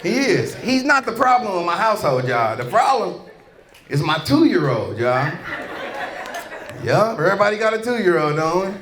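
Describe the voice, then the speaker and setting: St. comedian shouting in an echoey club. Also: male voice, sits high, sing-song, normal speed, noisy background. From St. Louis, Missouri. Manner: loud, crude, playful crowd work with shouted punchlines. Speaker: stand-up comedian. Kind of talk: stand-up comedy set. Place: comedy club stage before a live crowd. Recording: echoey club with a roaring crowd.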